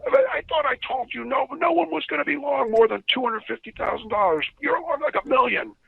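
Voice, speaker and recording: A man putting on the voice of a furious male trading-desk boss who yells and swears in disbelief, in a dull lo-fi recording. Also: extremely high pitch, brisk, gravelly, slightly rough, no room sound, voice pushed up, exaggerated voice. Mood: yelling. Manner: yelling, incredulous, swearing.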